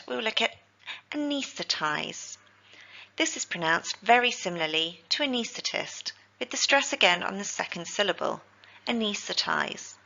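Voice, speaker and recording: A woman, teaching healthcare vocabulary in a scripted lesson, with slow, careful pronunciation drills. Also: on the low side, gravelly, pushed and bright, dull audio.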